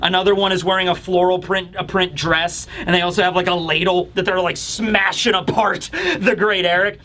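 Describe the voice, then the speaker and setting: A man's voice: high voice, steady tone, normal speed, bright, forceful tone, a little hiss or hum. A man hosting a casual manga chapter review, chatty and laughing, swearing casually. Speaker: host.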